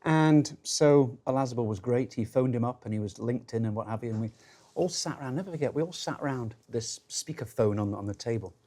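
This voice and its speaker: A man's voice: medium pitch, a little fast, mellow. A Scottish man in his fifties, a former golf captain, emphatically recalling a moving team moment. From Scotland. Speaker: former Ryder Cup captain. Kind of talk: casual dinner chat.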